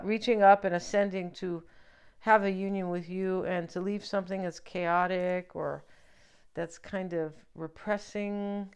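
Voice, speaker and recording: A woman's voice: mid-range voice, clean tone. A woman giving a casual tarot reading, chatty and joking, with lots of fillers and asides to the viewer. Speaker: tarot reader.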